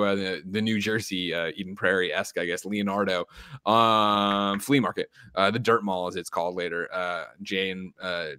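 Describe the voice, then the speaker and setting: A man's voice: sits low, pushed and bright, dry recording, clean studio sound. A man co-hosting a podcast, retelling a movie scene by scene in casual chat and acting out the lines. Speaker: podcast co-host recapping a movie.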